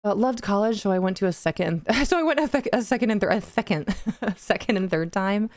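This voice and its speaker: A young woman hosts a relaxed gaming stream and chats easily with her viewers. She reads their comments aloud and often breaks into giggles. Her voice sits at a middle pitch, recorded close and dry with no room sound. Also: fairly quick, dry recording. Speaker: livestream gaming host. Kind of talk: casual chat with live chat.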